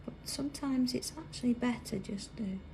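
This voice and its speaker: A British woman hosting a live craft tutorial, chatting as she works and dropping to a soft whisper while she draws. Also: a little high, moderate pace, vocal fry, slight background noise. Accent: British English. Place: busy indoor craft workroom.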